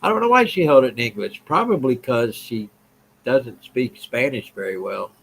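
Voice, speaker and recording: A man's voice: mid-range voice, animated, moderate pace, creaky, a bit bright, a little hiss or hum, low-quality recording. A man hosting a political live stream, talking bluntly, repeating himself and answering viewers' comments. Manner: blunt, repetitive, reads and answers chat.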